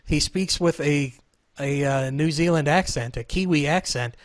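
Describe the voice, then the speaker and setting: A man's voice: a little high, normal speed, dry recording. A man in his thirties hosting a casual show over a video call, joking and rambling. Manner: joking, rambling, self-deprecating. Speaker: podcast host.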